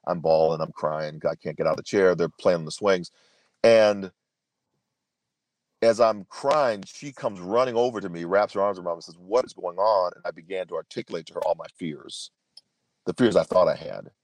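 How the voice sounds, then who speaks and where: A man's voice: deep voice, moderate pace, darkish tone, dry recording. A man in his fifties, a podcast guest, telling a personal story in an earnest, emphatic way, often restarting his sentences. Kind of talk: storytelling interview answer.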